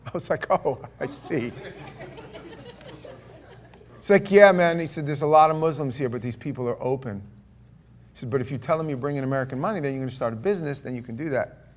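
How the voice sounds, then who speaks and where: A middle-aged man preaching a sermon, telling a story with lively acted-out dialogue. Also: medium pitch, fairly quick, long pauses, a faint crowd. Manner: storytelling, animated, acts out dialogue. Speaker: pastor.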